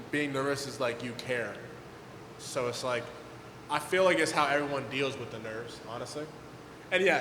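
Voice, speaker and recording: A young man, telling stories at a skate event Q&A in a casual, animated way, full of fillers and acted-out quotes. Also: on the high side, background noise. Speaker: guest pro skateboarder. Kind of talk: casual storytelling at a Q&A. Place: event hall with audience. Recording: echoey hall, faint ambience.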